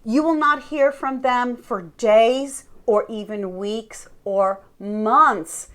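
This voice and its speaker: A woman's voice: on the high side, slow, a bit bright. A woman coach speaking earnestly and emphatically, addressing her listeners directly as she teaches. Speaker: life coach.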